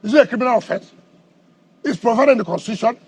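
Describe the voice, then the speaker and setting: Combative Nigerian man, husky voice. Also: extremely high pitch, fast talker, darkish tone. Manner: combative, rhetorical questions, repeats words. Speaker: politician being interviewed. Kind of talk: heated television interview.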